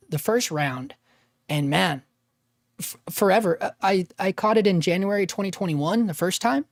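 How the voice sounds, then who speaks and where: A man hosting a casual livestream, rambling with restarts and dropping "man" and "dude", his voice gravelly after an illness. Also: high voice, dry recording, clean studio sound. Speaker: livestream host and freelance videographer.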